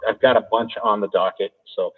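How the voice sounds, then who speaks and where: Easygoing low-voiced Idaho man on a tinny call. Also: fairly even intonation, brisk, husky. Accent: Idaho American. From Idaho, USA. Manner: easygoing, chuckling, repeats words when starting. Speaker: audiobook narrator. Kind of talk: casual interview answers. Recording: tinny call audio echoing in a hall.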